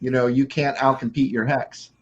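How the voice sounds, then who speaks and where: A man's voice: medium pitch, fairly even intonation, moderate pace, lo-fi sound, slight background noise. A man in casual chat, reflective and wry as he tells stories.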